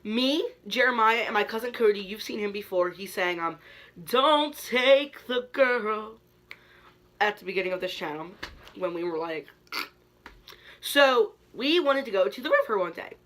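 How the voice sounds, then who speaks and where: A young YouTube host from Kentucky tells a story-time vlog in a bright, high-sitting voice at a moderate pace. His storytelling is animated, packed with "like" fillers and dramatically quoted reactions.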